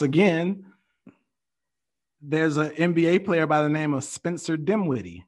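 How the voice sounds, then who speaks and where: A man's voice: on the high side, expressive, a little slow, pauses often, a little mellow. A young man telling a story in casual chat, profane and rambling, often laughing.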